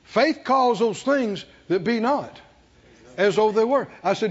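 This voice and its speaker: A husky-voiced male preacher with a high voice tells a story from the pulpit and leads the congregation in call and response. He speaks slowly, with wide, sweeping rises and falls. The recording is dull and lo-fi. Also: animated. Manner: slow, drawn-out phrases, rising to shouted chanting.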